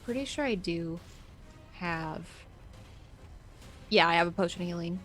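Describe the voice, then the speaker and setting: A woman's voice: lowish voice, expressive, measured pace, fairly bright tone, faint music behind. A woman playing a tabletop game, giggly and a little unsure of the rules. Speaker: player. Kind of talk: casual tabletop play.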